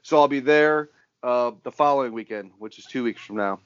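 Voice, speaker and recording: A man's voice: mid-range voice, brisk, a bit bright, smooth, dull audio. A man hosting a podcast in casual chat, loose, joking and profane. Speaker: podcast host.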